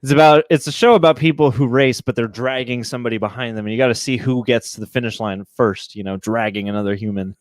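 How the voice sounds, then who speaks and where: A man's voice: mid-range voice, quick pace, hardly any pauses, no echo. A young man co-hosting a casual livestream, joking easily and talking with loose fillers. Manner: easygoing, joking, frequent fillers. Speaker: livestream co-host.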